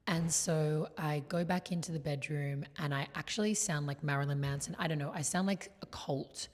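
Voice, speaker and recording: Young woman, low voice, chatty confessional storyteller, lots of fillers, long hall reverb. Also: moderate pace. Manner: chatty, many "like" fillers, shifts between loud and hushed. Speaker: vlogger.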